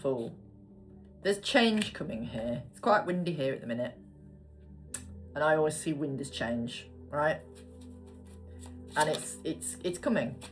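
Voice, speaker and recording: Woman, low voice, chatty tarot reader, casual swearing, faint music behind. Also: animated, a little slow, long pauses. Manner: chatty, swears casually, murmurs card names. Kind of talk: casual tarot card reading.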